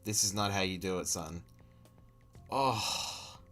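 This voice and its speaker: A man's voice: low voice, takes it slowly, a bit bright. Sweary exasperated Australian man. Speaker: streamer reacting to a video. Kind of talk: profane running commentary.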